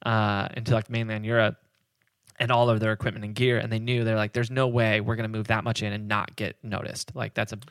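A man's voice: lowish voice, flat delivery, brisk, a bit bright, clear, resonant tone, no echo, clean studio sound. A man hosting a podcast, telling a history story in casual chat, rambling with many fillers and frequent laughs.

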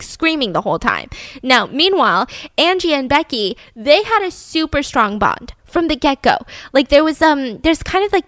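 A young woman host telling a story in an animated, chatty way with many fillers. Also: a little high, no room sound, studio quality. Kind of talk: casual storytelling chat.

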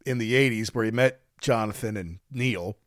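A man's voice: on the low side, moderate pace, no room sound, clean studio sound. A middle-aged man, a podcast host, telling a concert story in casual chat. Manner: storytelling, animated when quoting his daughter.

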